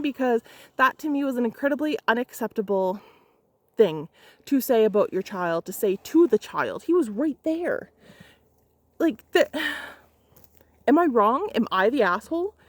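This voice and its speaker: A woman's voice: a little high, expressive, normal speed, no echo. A young adult woman photographer retelling a client story in an angry storytime vlog, heated, emphatic and profane.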